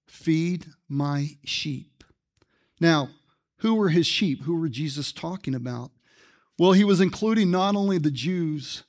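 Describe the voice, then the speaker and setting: Guy preaching a sermon, chatty, asks the church questions, pretty high voice. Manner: conversational preaching with rhetorical questions. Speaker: pastor.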